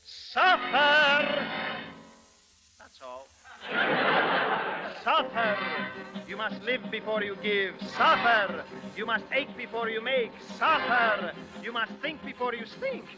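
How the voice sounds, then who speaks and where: Lively man doing a pompous mock-Russian actor. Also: very high-pitched, slow, pauses often, low-quality recording. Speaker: comedian host. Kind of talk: 1940s radio comedy acting. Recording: old radio recording with music.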